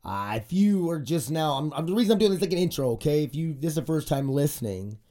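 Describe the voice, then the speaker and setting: A man's voice: fairly high pitch, lively intonation, quick pace, dark tone. A man in his forties hosting a casual podcast, rambling and cursing, his voice stuffy and congested from a cold. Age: 40s. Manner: profane, rambling, ranting. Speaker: podcast host.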